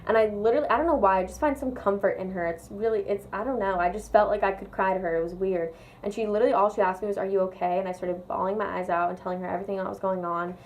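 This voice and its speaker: A woman's voice: medium pitch, fairly even intonation, very fast, hardly any pauses, poor audio. A young woman vlogger rants casually and confessionally, chatty and sweary, leaning on "like" and "literally". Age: young adult.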